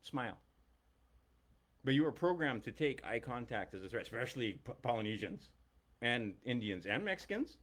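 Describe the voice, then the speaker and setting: A man's voice: mid-range voice, sing-song, normal speed, a bit bright. A middle-aged man and longtime teacher giving a blunt, emphatic, profane ranting monologue.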